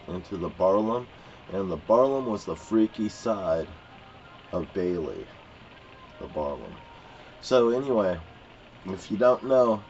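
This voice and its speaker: An older man delivers a rambling, heated monologue, swearing freely and hammering his points. His voice sits at an ordinary middle pitch. The recording sounds muffled and lo-fi, with a faint hiss underneath. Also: darkish tone. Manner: profane, blunt, rambling, emphatic. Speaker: vlogger. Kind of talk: angry ranting monologue.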